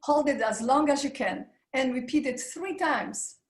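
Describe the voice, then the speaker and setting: A voice coach presents a live online webinar, encouragingly guiding listeners through breathing and vocal warm-ups at a measured pace. Her voice is fairly high. Noticeable echo suggests she's on a video call from a hard-walled room.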